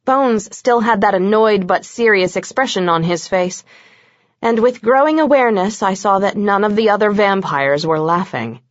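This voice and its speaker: A woman's voice: medium pitch, moderate pace, no room sound. A woman narrating a first-person audiobook with a wry, sarcastic manner. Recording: dull dry lo-fi recording.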